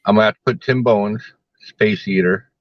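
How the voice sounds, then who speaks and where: A man appearing as a guest on a casual sports podcast, calmly running through his picks. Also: on the low side, brisk, dry recording, dull audio.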